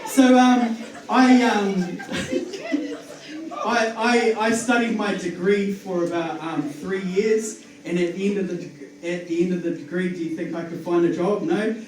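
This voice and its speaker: A man's voice: high voice, animated, a little slow, crowd noise. A man with a New Zealand accent doing a nervous stand-up comedy set, rambling with lots of ums and restarts and laughing at his own jokes. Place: comedy club stage with audience. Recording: very echoey room, voice far from the mic.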